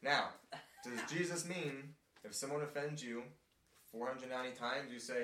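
A man's voice: medium pitch, moderate pace. Man leading Bible study, echoey room. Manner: animated, acts out quotes in playful voices. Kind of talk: casual group Bible discussion. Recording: echoey room, mic at a distance.

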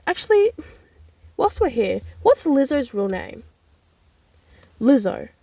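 A chatty young woman rambles through a casual solo podcast. Her voice sits a little high and she bursts into animated exclamations. She talks from inside a parked car with a dry, close sound. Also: breathy edge, no echo. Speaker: podcast host.

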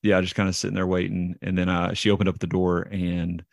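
A man's voice: deep voice, monotone, brisk, gravelly, no room sound, studio quality. A man, a ballplayer guest telling rambling, self-deprecating stories in an interview. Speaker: interview guest, baseball player. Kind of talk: casual storytelling interview.

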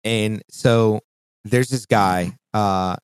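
A man's voice: lowish voice, fairly even intonation, very slow, clear, resonant tone, no room sound. A man chatting casually on a podcast, telling a rambling, profane story as he vents about work. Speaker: podcast co-host.

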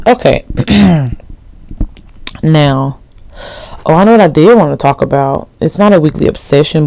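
A woman's voice: deep voice, warm tone, no echo. Young woman, 20s, solo podcast host. Casual, rambling, slangy delivery with a dry, close sound. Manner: rambling, slangy, full of asides and fillers.

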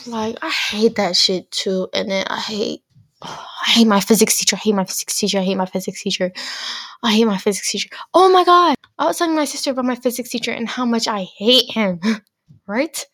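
A woman's voice: mid-range voice, steady tone, a little fast, a bit bright, no room sound, studio quality. A teenage girl hosting her own podcast, ranting bluntly and exasperatedly with lots of filler words. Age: teens. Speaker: podcast host. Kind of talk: casual solo rant.

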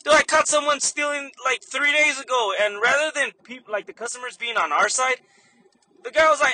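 A man's voice: very high voice, brisk, bright, forceful tone. A young man, a store manager, animatedly telling a story in a casual vlog, swearing freely and laughing often.

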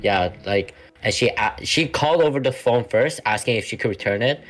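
A man's voice: mid-range voice, brisk. A young man co-hosting a podcast, telling work stories in casual chat, swearing freely and acting out quotes. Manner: swears freely, animated storytelling with acted-out quotes. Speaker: podcast co-host.

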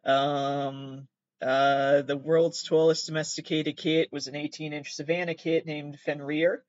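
A podcast host with a voice on the high side rambles through odd news stories on his own show, casual, profane and self-mocking. His delivery is flat and unhurried. The lo-fi audio has no room sound.

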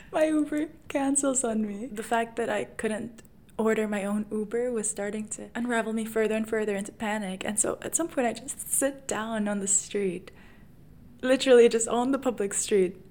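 A woman's voice: on the high side, darkish tone. Candid young woman telling a personal story. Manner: candid, self-mocking, laughing through the story. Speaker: podcast host.

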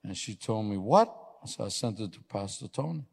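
A man preaching a sermon, telling personal stories with a laugh and building to loud, emphatic exhortation. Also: fairly low pitch, lively intonation, fairly quick, vocal fry, breathy edge. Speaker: pastor. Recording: long hall reverb.

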